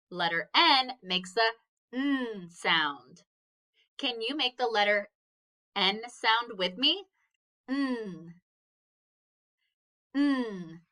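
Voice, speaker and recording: A woman leads a phonics lesson at a very unhurried pace. Her voice is bright and clear, and she sounds out each letter patiently and encourages the listener. She keeps the tone gentle and instructive throughout. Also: mid-range voice. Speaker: teacher. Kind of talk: slow phonics lesson for children.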